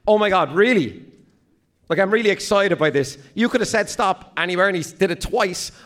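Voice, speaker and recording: A man's voice: sits high, lively intonation, fairly quick, a bit bright. A man performing a magic trick live on stage, guiding a volunteer step by step with confident patter. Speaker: illusionist guest. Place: large live stadium show.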